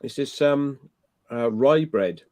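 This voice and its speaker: A man's voice: mid-range voice, takes it slowly, a little mellow, no room sound. A man co-hosting a livestream chat, telling crude stories in a rambling way with lots of fillers. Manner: rambling, full of fillers and swearing. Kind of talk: casual anecdote-telling chat.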